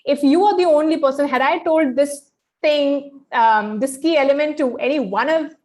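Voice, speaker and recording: A woman's voice: high voice, moderate pace, darkish tone. A woman coaching pageant contestants on posture and speech, speaking in an instructive, friendly way with many fillers and checks of "okay". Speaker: pageant fashion and grooming coach. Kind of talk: training session talk.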